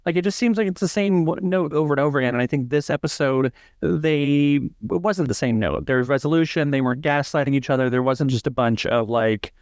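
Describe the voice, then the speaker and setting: Guy cohosting a podcast at home, kinda high voice, rambles and restarts a lot, dry close mic. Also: fairly quick, hardly any pauses, smooth, no room sound. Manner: rambling, joking, with many restarts. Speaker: podcast co-host. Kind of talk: casual chat.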